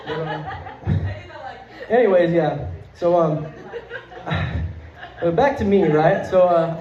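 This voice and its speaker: A young man with a high, darkish voice performs stand-up into a handheld mic before a live comedy club audience. He rambles and swears, stuffs his lines with fillers, and laughs as he talks. The recording sounds roomy and dull.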